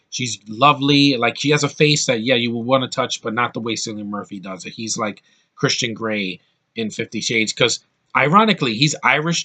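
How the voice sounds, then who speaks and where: A man's voice: medium pitch, sharp tone. A man giving a casual, rambling film review with blunt opinions and lots of restarts.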